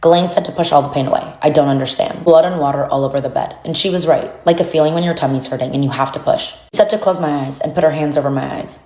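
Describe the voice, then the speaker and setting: A woman with a low voice reads document passages aloud quickly and solemnly. The sound carries a noticeable room echo around her. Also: darkish tone. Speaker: narrator reading documents.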